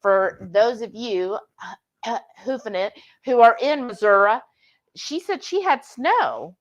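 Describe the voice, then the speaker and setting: A woman co-hosting a live cooking stream, greeting viewers by name and reading their comments aloud in an animated way. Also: a little high, slow pace, dull audio.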